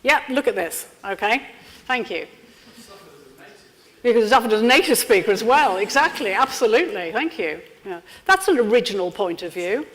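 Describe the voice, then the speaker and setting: A woman leading an interactive training workshop, lively and constantly checking in with her audience. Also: on the high side, normal speed. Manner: lively, checks in with frequent "yeah?". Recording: lecture room with long reverb.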